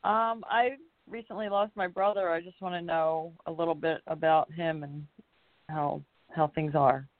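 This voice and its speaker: A woman caller from Pennsylvania speaks in short, subdued replies, her voice a little low. She comes through a thin, phone-like line. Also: steady tone, moderate pace. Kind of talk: phone call-in.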